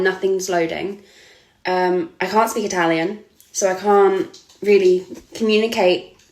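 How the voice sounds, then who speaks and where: A woman, a model giving an earnest, hesitant personal account. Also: mid-range voice. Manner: earnest, hesitant, with frequent ums and restarts. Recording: echoey room.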